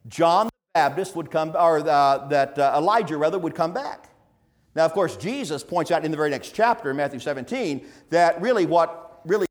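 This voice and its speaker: A man preaching an evening sermon in an earnest, emphatic way, asking rhetorical questions. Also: high-pitched.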